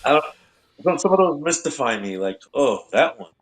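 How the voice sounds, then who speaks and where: A male comedian chatting on a comedy podcast, telling stories in a rambling, halting way with lots of restarts and laughing. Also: mid-range voice, sing-song. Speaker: comedian guest. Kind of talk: casual comedy podcast chat.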